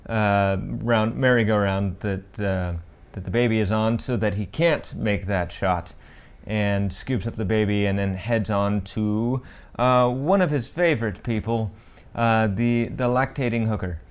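Young man, low voice, casual podcast chat, jokey, rambling, lots of ums and restarts. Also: unhurried, smooth. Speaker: podcast co-host. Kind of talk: casual movie recap chat.

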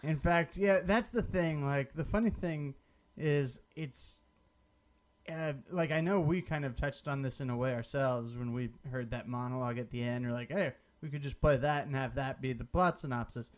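A man co-hosting a casual comedy movie podcast, sarcastic and animated, slipping into mock voices as he riffs. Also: mid-range voice, moderate pace. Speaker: podcast co-host.

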